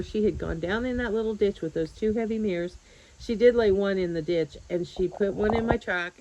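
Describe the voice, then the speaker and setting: A chatty middle-aged woman tells a story in a relaxed vlog, laughing often and slipping into the voices of the people she quotes. Her voice sits at a middle pitch for a woman. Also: slight background noise, rough recording. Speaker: vlogger. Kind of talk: casual storytelling.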